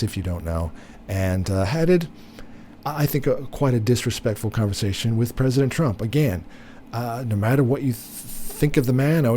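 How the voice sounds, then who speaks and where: A man's voice: mid-range voice, mellow, a little hiss or hum. A man giving blunt, opinionated political commentary, repeating himself with many fillers and restarts. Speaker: commentary host.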